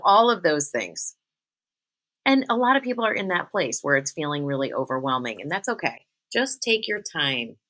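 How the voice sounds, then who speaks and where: A woman with a low voice hosts a solo spiritual podcast. She talks straight to her listeners, earnest and encouraging. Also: a bit bright. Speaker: podcast host, spiritual medium.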